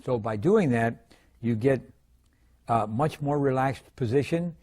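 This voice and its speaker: An older man walks through drumming technique in a calm, methodical lesson, pausing often as he demonstrates. His voice sits at an ordinary middle pitch for a man. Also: heavy background noise. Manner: calm, methodical explaining with frequent "uh" pauses. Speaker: drum instructor.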